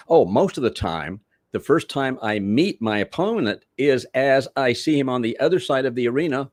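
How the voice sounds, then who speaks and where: An older man, a veteran wrestler, appears as a podcast guest and tells rambling stories in a theatrical, old-school style. His voice is lowish, recorded with studio quality and no echo.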